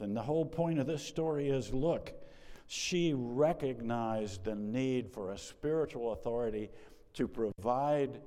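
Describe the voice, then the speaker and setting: A man's voice: medium pitch, dark tone. A middle-aged male pastor preaching a sermon in a conversational way that rises to emphatic peaks, in a church sanctuary. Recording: long hall reverb.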